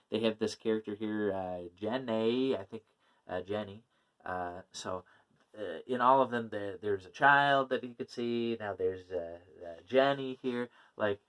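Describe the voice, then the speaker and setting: A man casually talking through a comic book issue, rambling with many fillers and small laughs. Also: fairly low pitch. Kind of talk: casual chat.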